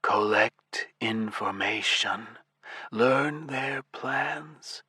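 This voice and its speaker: A man's voice: mid-range voice, extremely slow, pushed and bright, husky, no room sound, clean studio sound, full character voice. A man voicing a weak, ancient male sleeping god whose voice comes through faint and fading. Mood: urgent faint.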